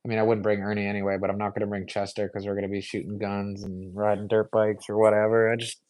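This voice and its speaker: A man's voice: lowish voice, little pitch movement, quick pace, a little mellow, poor audio. A young man hosting a live stream, answering viewer questions in an easygoing, rambling way full of fillers. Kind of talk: casual live Q&A chat.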